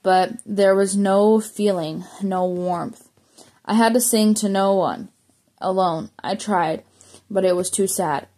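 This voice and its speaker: A woman's voice: mid-range voice, takes it slowly, dark tone. A woman reading a memoir aloud as an audiobook, plainly, with small slips and self-corrections. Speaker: audiobook reader.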